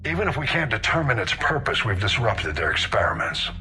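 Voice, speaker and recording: An actor playing a calm male military commander in a video game, speaking in clipped tones. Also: fairly low pitch, fairly quick, full character voice. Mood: grim. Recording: game audio played back.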